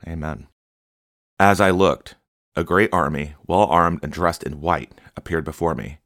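A man's voice: deep voice, unhurried, a bit bright, no room sound, studio quality. A man reading a prophecy aloud and commenting on it in an earnest, exhorting way.

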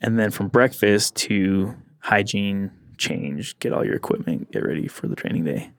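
A man co-hosting a podcast, telling a story in a casual, animated way and laughing often. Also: lowish voice, normal speed, creaky, dry recording, clean studio sound. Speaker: podcast co-host.

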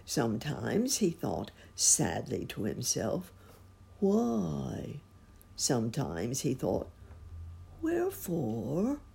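A woman slowly reading a classic children's book aloud in a gentle storytelling way. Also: extremely low pitch, very animated, vocal fry, slightly rough. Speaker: storybook reader.

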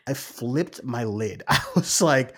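A man's voice: mid-range voice, animated, slow, fairly bright tone, slightly rough. A young man co-hosting a film review podcast, telling a story animatedly, swearing freely and acting out his own reactions. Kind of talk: casual chat.

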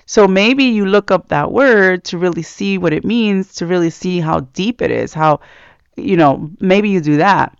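Earnest man with a gravelly voice. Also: sits high, a little slow, no echo. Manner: rambling, earnest, with frequent fillers and laughs. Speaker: Christian speaker. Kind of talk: casual devotional talk. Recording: dull lo-fi sound, dry.

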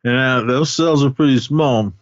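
A man's voice: normal speed, no room sound, dull audio. A man casually recapping a film's scenes on a podcast, acting out the characters' lines and laughing often. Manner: retells scenes, quoting characters in pitched-up voices, laughs often. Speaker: podcast co-host.

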